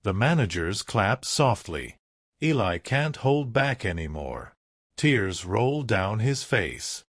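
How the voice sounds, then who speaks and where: A man narrating a scripted story in a slow, deliberate storytelling manner. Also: fairly low pitch, big pitch swings, dry recording, clean studio sound.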